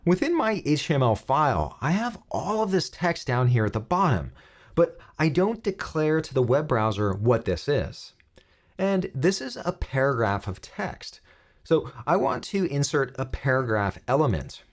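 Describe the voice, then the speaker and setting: A man teaching a coding lesson, explaining each step clearly as he types. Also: mid-range voice, very animated, moderate pace. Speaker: web coding instructor. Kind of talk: screen-recorded coding tutorial.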